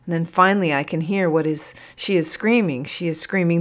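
A woman with a low voice reads a first-person audiobook. Her delivery is measured and emotional, as in careful storytelling. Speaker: audiobook narrator.

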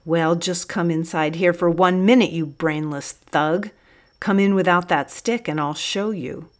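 A woman voicing a hot-tempered, chubby male prisoner who talks loudly and indignantly. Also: fairly low pitch, fairly even intonation, a little slow, natural voice. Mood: roaring. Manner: loud, indignant.

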